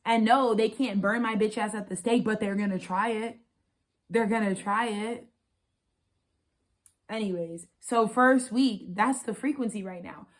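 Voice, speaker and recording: A young woman in her twenties rants through an unscripted spiritual vlog, her speech fast, profane and emphatic. She circles back to repeat her points, piling on "baby" and "like" as she builds momentum. Her pitch sits in an ordinary middle range for a woman. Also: steady tone. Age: 20s. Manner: rapid, profane, emphatic and repetitive. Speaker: astrologer and spiritual channeler.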